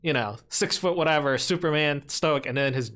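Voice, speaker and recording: A man co-hosting a podcast, telling a story casually and getting animated and laughing as he goes. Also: a little high, normal speed. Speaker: podcast co-host.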